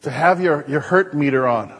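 A male preacher giving an animated, joking sermon to his congregation. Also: fairly high pitch, moderate pace, husky, long reverb tail. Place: church hall.

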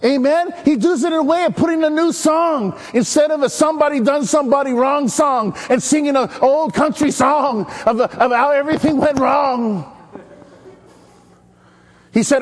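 A male pastor from Maui preaching an animated sermon, telling stories and calling out to the congregation. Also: very high voice, normal speed. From Maui, Hawaii. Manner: energetic, chatty, storytelling with call-and-response.

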